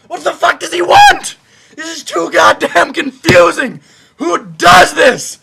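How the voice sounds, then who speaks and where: A young man, a college student, giving an angry profane rant, shouting and exasperated. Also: very high voice, big pitch swings, measured pace, gravelly, a little hiss or hum. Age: young adult. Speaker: ranting vlogger.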